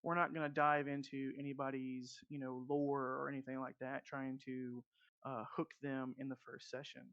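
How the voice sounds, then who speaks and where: A man's voice: mid-range voice, level tone, moderate pace, fairly bright tone, no echo, dull audio. A man as game master, chatting casually with many fillers, then narrating the scene. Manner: rambling, many "you know" fillers.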